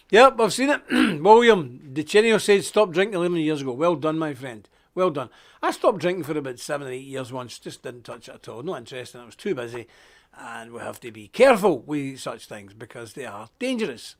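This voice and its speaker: A man hosting a live stream, preaching casually in a jokey, animated way, with loud emphasis and quiet asides. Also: a little high.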